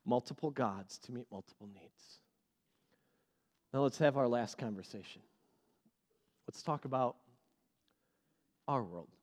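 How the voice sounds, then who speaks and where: A male pastor preaching a sermon, animated and repeating key phrases for emphasis. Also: medium pitch, a little slow, long pauses, big-room sound.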